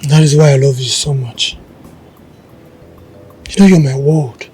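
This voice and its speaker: An anxious young lover in a film drama. His voice is husky, and he speaks in a worried, pleading way. Soft music plays underneath. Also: mid-range voice, fairly even intonation, a little slow, rough recording. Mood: loving. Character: anxious young man deeply in love.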